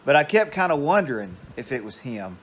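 A man's voice: mid-range voice, big pitch swings, fairly quick, a little hiss or hum. An older man, casually telling a meandering story at home. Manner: meandering, digressive. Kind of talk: casual rambling anecdote.

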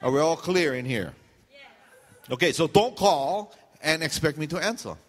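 A man pastor preaching to his congregation in a loose, joking way, playing out what people are thinking in their heads. His voice sits a little high for a man. A long church-hall reverb trails after his words. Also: animated, normal speed, a faint crowd. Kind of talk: sermon. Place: church sanctuary.

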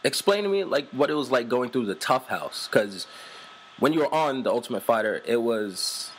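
Male host interviewer, mid-pitched, easygoing questions, slight hiss behind. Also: animated, normal speed, low-quality recording. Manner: conversational, leans on "like" fillers. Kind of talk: casual one-on-one interview.

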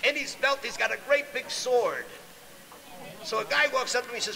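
A man doing a brash stand-up comedy routine with rapid-fire insult jokes. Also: extremely high pitch, creaky, pushed and bright, low-quality recording.

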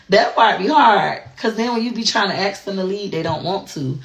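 A woman with a gravelly, husky voice talks frankly about her life in casual confessional chat. She is blunt and profane, with a mid-range pitch and fry at the ends of her phrases. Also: animated, moderate pace, pauses often, fairly bright tone. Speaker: online personality.

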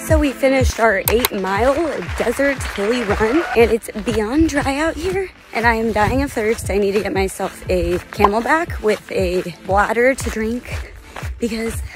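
A woman's voice: fairly high pitch, measured pace, music in the background. A young woman chatting casually to camera in a vlog, upbeat and talkative, filmed on a phone. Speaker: vlogger.

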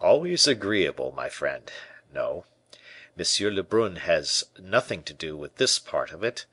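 A man voicing a suave, scheming churchman who speaks in soft, honeyed tones. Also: sits low, very animated, measured pace, breathy edge, no echo, full character voice.

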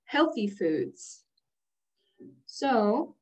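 A woman teaching a vocabulary lesson to young learners. She says each word slowly and clearly, has the class repeat it, and breaks words into their first sounds. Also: fairly high pitch, animated. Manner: stresses sounds one by one.

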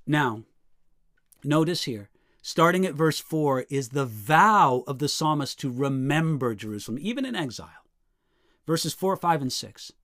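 A man teaching as a pastor, going through scripture verse by verse in a measured, reflective way and reading quotations with feeling. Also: high voice, expressive, fairly bright tone, no echo, clean studio sound.

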